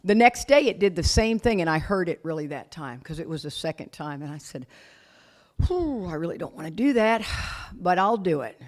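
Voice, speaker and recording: A middle-aged woman speaking at a recovery retreat, telling her story candidly with self-deprecating humor. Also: lowish voice. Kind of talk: personal recovery talk.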